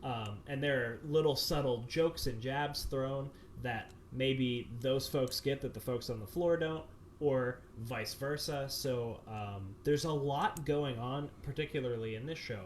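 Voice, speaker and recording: A man speaks over a video call, explaining his decisions in loose, meandering answers. His voice sits at a middle pitch, and he keeps circling back with fillers and restarts. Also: measured pace, slight background noise. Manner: rambling, many fillers and restarts. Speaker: director of a community theater production.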